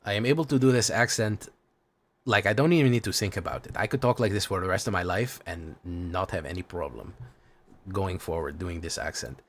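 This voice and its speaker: A man putting on the voice of his middle-aged Latino immigrant father, with a Spanish-accented English, soft and lulling. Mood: matter-of-fact. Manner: soft, slow, lulling, low and hushed.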